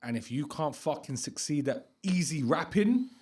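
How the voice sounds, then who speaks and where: A man's voice: fairly high pitch, expressive, normal speed, a little mellow, husky. A man hosting a podcast interview, blunt and encouraging, swearing casually as he talks. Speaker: podcast host.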